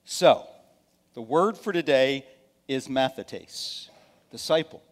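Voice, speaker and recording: A male pastor preaching a sermon in a conversational way. He often checks in with the congregation and swings from loud emphasis down to soft, near-whispered asides. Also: mid-range voice, expressive, takes it slowly. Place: church sanctuary. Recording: long hall reverb.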